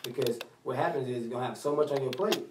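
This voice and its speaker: A man's voice: medium pitch, fast talker, far from the mic, noisy background. A man hosting a talk radio show, rambling and repeating phrases as he talks. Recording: roomy studio sound from off mic.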